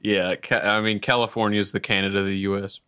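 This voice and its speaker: A man from the United States hosting a podcast, joking and teasing in quick banter. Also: fairly low pitch, little pitch movement, sharp tone, smooth, dry recording, studio quality. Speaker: podcast host. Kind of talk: casual chat.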